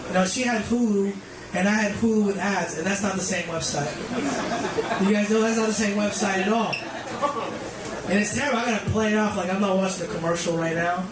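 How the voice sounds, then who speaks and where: A man's voice: high voice, a little fast, noisy background. A man performing a live stand-up set with crowd work, talking in rambling, self-deprecating asides from a comedy club stage. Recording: echoey club audio from far off. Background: loud room ambience and audience.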